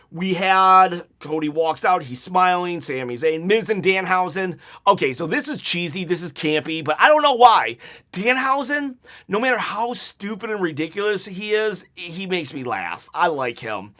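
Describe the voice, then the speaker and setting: A man casually reviewing a wrestling show, rambling and animated, with plenty of filler words, sarcastic asides and quick laughs. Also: sits high. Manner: sarcastic, mock-quoting wrestlers in put-on voices; laughs while talking.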